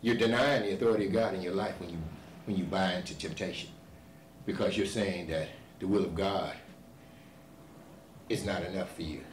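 A male pastor preaching a sermon, building to shouted emphasis and repeating himself to drive points home. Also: deep voice, steady tone, normal speed, long pauses, a little hiss or hum. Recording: echoey church hall, voice from far off.

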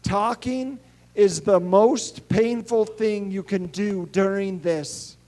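A middle-aged male pastor preaching a sermon, telling stories and swinging between hushed and emphatic delivery. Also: high voice.

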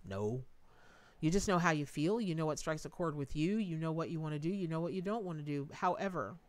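A middle-aged woman hosts a live tarot reading, chatty and emotive, thanking donors as she goes and saying things like "y'all" and "Lordy." Her voice is low, with lively intonation and a fairly quick pace.

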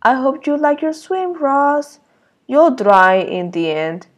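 A woman's voice: high voice, sing-song, slow, muffled recording, pitched above the performer's own voice, exaggerated voice. A woman voicing a mischievous, boastful male dinosaur in a picture-book reading, with a teasing, gloating manner.

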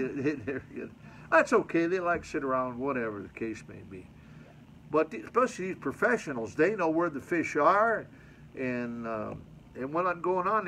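A man's voice: a little high, a bit bright, slight background noise, rough recording. A male pastor preaching a sermon at a mission church, reading scripture and adding folksy, colloquial commentary to his congregation.

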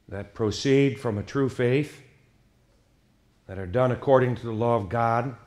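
A man pastor preaching an evening sermon, emphatic and swinging between hushed passages and loud outbursts. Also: mid-range voice.

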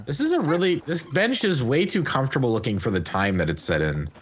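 A man hosting a game video, talking in an animated, jokey way and swearing freely. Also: mid-range voice, brisk, slight background noise. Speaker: channel host and player. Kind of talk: casual game chat.

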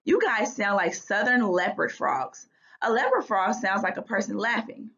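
A woman voicing an excitable young boy obsessed with frogs in a storybook read-aloud, talking eagerly. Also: mid-range voice, normal speed, dull audio.

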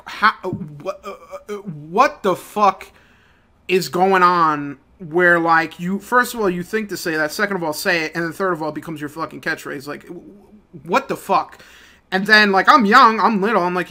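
A young man ranting in a casual, profane, rambling way, swinging between low mutters and loud outbursts. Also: normal speed. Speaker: gaming channel host. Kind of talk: casual rant over gameplay.

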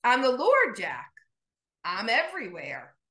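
A woman voicing God as a calm, patient, gently amused presence in a storytelling sermon. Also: fairly high pitch, echoey room, full character voice. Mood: reassuring. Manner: calm, reassuring, unhurried.

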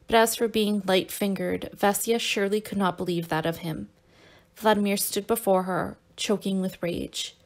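A woman's voice: medium pitch, fairly even intonation, moderate pace. Woman reading a novel aloud. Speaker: audiobook narrator. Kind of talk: audiobook narration.

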